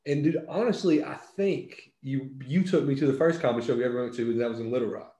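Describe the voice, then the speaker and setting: A man in casual chat, chatty and quick with follow-up questions. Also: medium pitch, warm tone. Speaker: podcast co-host.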